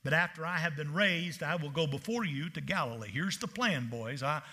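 A male preacher delivering a sermon in a high, ringing voice. He talks in animated bursts, stammering on restarts and slipping into the voices of the people he quotes. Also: normal speed, husky.

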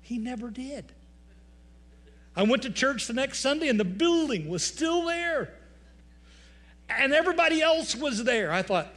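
A man's voice: very high-pitched, expressive, measured pace, pauses often, fairly bright tone. A male pastor preaching a sermon, telling folksy stories with humor.

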